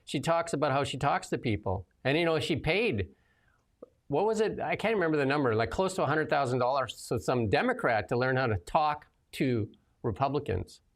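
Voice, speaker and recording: A man's voice: medium pitch, expressive, fairly quick. A man hosting a political talk show, commenting casually with sarcastic asides and frequent laughter. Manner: sarcastic, rambling, laughs often. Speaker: host.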